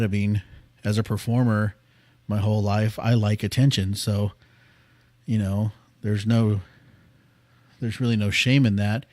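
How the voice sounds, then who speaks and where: A man's voice: mid-range voice, no echo. Earnest man rambling into a dry mic. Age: 30s. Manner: rambling, earnest, often drops quiet. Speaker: podcast host. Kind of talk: personal storytelling. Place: small studio room.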